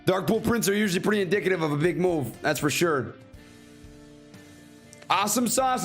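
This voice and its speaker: A man's voice: sits high, expressive, normal speed, pauses often, soft background music. A man from North Carolina hosting a casual livestream, reading out viewer questions and riffing on them. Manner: reads out FAQ text then riffs on it casually.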